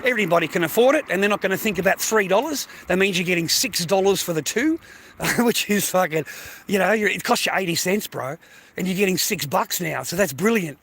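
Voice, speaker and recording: A man's voice: high voice, lively intonation, fairly quick, fairly bright tone. An older Australian man rambling casually to his livestream viewers, swearing constantly and calling the listener mate and bro. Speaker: livestream host.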